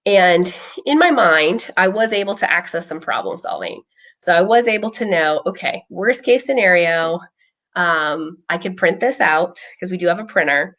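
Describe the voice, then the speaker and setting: A woman's voice: on the low side, sing-song, moderate pace, a bit bright. A woman speaking as a behavioral health clinician, casually telling a personal story with frequent ums. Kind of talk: casual explanatory chat.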